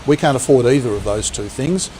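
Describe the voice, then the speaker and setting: A man's voice: mid-range voice, fairly quick, warm tone, rough recording. A man speaking as a politician in a news clip, firm but with hesitations. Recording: outdoor clip with faint traffic.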